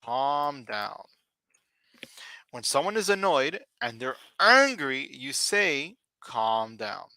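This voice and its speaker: A man teaching English vocabulary on a live stream, speaking slowly and deliberately and repeating key words for his learners. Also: mid-range voice, very animated, sharp tone, dry recording.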